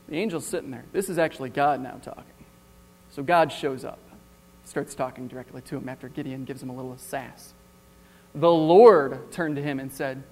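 High-voiced male preacher in a reverberant hall. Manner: animated storytelling with wry humor. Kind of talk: sermon.

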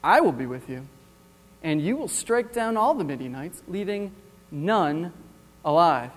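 A man's voice: fairly high pitch, very animated, measured pace, in a large hall. A man voicing God as a firm, matter-of-fact commander during a sermon reading. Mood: commanding. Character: commanding male God speaking from above.

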